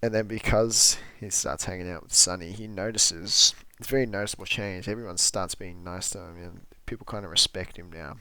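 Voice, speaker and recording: A man's voice: low-pitched, brisk, hardly any pauses, clear, resonant tone, dry recording. A man co-hosting a film review podcast, casually retelling a plot, acting out the lines of the characters and swearing freely. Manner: lively storyteller who acts out the characters' lines. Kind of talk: casual film recap chat.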